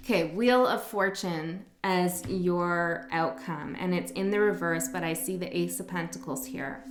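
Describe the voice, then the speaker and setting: A woman giving a casual tarot reading, talking gently and rambling, correcting herself as she goes. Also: fairly low pitch, measured pace, few pauses. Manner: gentle, rambling, self-correcting, soft laughs. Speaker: tarot reader. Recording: echoey room with faint music.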